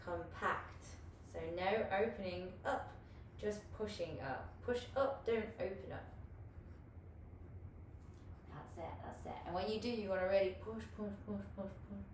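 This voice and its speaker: A woman's voice: mid-range voice, measured pace. A woman teaching an online hula hoop class, chatty and encouraging, swearing casually and laughing often. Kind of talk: live online class coaching. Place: home room, online class. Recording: echoey room, far from the mic, faint hiss.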